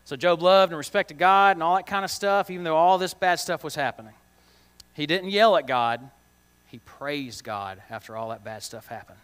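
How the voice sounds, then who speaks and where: In a long-reverb large hall, a children's church teacher speaks with a fairly high, fairly bright voice. His Bible lesson is casual and chatty, with frequent questions to the kids and plain slang.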